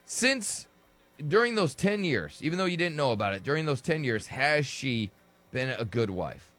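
Blunt, lively talk show host man. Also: medium pitch, normal speed. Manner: blunt, teasing. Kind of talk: casual talk radio banter.

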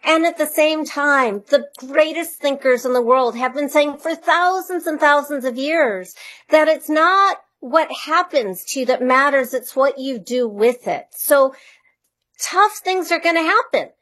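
A woman's voice: high-pitched, lively intonation, a little slow, a bit bright. A woman who is an author and money coach, a radio interview guest, speaking earnestly and reflectively with conviction.

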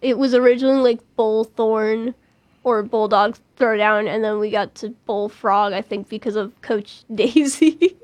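A young woman with a fairly high voice, talking in a loose, giggly, rambling way as a podcast co-host. She restarts her sentences often and laughs easily. The sound is dry and close, with no room around it. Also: unhurried, darkish tone, no echo. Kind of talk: casual chat.

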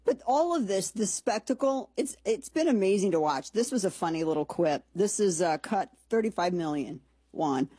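Chatty sarcastic woman host, husky voice. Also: mid-range voice, animated, normal speed, mellow, no echo. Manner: chatty, sarcastic, rambling asides. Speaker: commentary show host. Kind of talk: casual monologue commentary.

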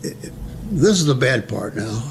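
An older man, telling old wartime stories in an oral history interview, animated and acting out the voices. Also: medium pitch, moderate pace, vocal fry, slight background noise. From New Jersey, USA. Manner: animated, acts out voices in his anecdotes, chuckles often. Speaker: veteran recounting his life.

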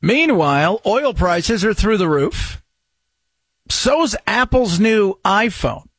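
A man hosting a radio talk show, his voice sitting a touch high and sounding very dry and close to the mic. He riffs excitably and cracks jokes as he goes. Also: slow pace, slightly rough, no room sound. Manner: excitable, jokey, riffing. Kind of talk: casual talk radio commentary.

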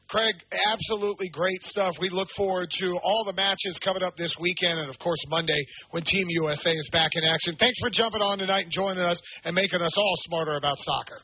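A man's voice: high voice, steady tone, fairly quick, few pauses, husky, highs cut off. An enthusiastic, chatty man hosting a radio sports talk show.

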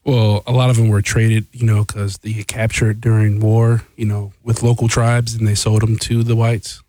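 A man co-hosting a talk show, chiming in briefly and calmly pushing back. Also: lowish voice, normal speed, no room sound. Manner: calm, brief interjections that push back. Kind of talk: casual studio chat.

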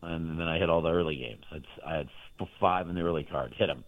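A very deep-voiced man tells long, boastful stories about his betting picks. He rambles and circles back as he talks. His voice comes through a thin, tinny phone line with a dry sound. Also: fast, no echo. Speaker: sports betting handicapper. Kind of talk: casual chat on a show.

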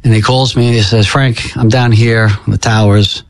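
An older American man telling a painful family story in an interview, halting and repeating words, his voice climbing when moved. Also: mid-range voice, steady tone, rough recording. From United States. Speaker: interview guest.

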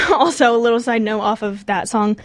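A woman's voice: on the high side, expressive, moderate pace, a bit bright, no echo. A young woman co-hosting a casual show, chatty and giggly, out of breath after dancing. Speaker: co-host. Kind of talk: casual chat.

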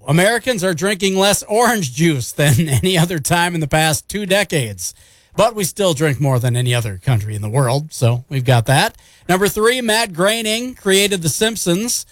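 A man's voice: a little high, dry recording. A male radio DJ with an upbeat, chatty manner, reading fun facts and the weather. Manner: upbeat, chatty, jokes at his own slips. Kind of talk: morning radio patter and weather read.

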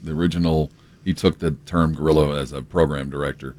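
A man's voice: a bass voice, steady tone, brisk, a little mellow, no room sound. A man from San Antonio co-hosting a radio show, trading dry wisecracks and telling anecdotes. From San Antonio, Texas. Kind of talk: casual radio banter and storytelling.

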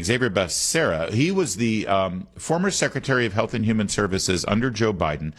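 A man hosting a talk radio show, giving opinions in a conversational way and repeating the call-in number. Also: fairly low pitch.

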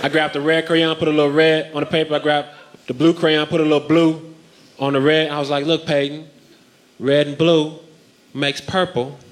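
A man doing a stand-up comedy bit, telling deadpan stories and loudly acting them out. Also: on the high side, moderate pace.

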